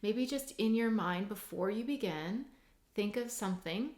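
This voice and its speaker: A woman's voice: medium pitch, normal speed, darkish tone. A woman hypnotherapist and mindset coach teaching in a casual, chatty way, full of "like" and "you know". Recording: roomy echo.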